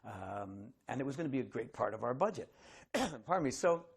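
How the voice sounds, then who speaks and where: A middle-aged man, an actor, telling an animated story to an audience and acting out the voices of the people in it. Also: mid-range voice, normal speed, creaky, slightly rough. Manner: animated, acts out voices of others in his stories.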